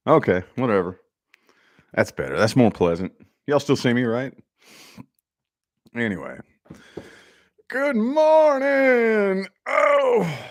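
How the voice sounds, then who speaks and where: A laid-back man rambles to his live viewers from his home office. His pitch swings up and down a lot as he chats, with a casual drawl full of "y'all" and "man". The talk is loose and friendly, never scripted. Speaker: live-stream host.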